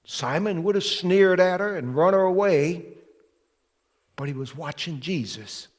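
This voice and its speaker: Slow-preaching pastor in a reverberant church. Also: male voice, high-pitched, lively intonation. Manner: dramatic storytelling, swings from loud to hushed. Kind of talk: sermon. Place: church sanctuary. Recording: long hall reverb from a church.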